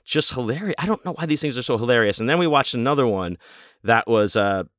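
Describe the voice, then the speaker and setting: A man's voice: medium pitch, lively intonation, fast, fairly bright tone, no room sound, clean studio sound. A man casually telling a rambling, amused story with lots of fillers and restarts.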